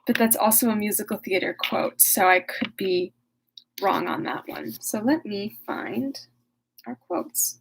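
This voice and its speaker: A woman's voice: mid-range voice, a little slow, creaky, slight background noise, rough recording. A woman recapping a classic novel casually in a chatty, wry way, full of fillers, then reading it aloud. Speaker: reader and discussion leader.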